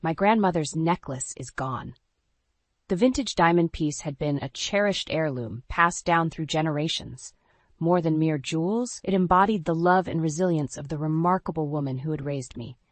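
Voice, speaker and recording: A woman narrating a scripted first-person story in a dramatic, even storytelling voice. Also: sits low, moderate pace, no room sound.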